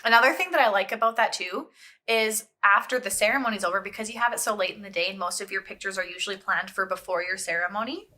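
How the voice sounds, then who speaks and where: A woman's voice: mid-range voice, fast, sharp tone. A woman co-hosting a podcast as a wedding photographer, chatting casually and walking listeners through a scene. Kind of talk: casual chat.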